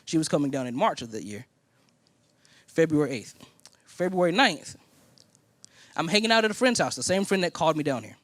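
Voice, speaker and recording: A man's voice: a little high, fairly quick, long pauses, dry recording. A man from Indiana preaching a sermon as a personal story, acting out the other people in it. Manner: animated storytelling, acting out quoted voices. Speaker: pastor.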